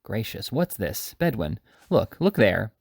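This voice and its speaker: A man voicing a warm-hearted, blustery old gentleman in a read-aloud storybook, hoarse, with a brisk, bluff manner. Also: mid-range voice, lively intonation, dry recording, studio quality. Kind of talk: audiobook reading.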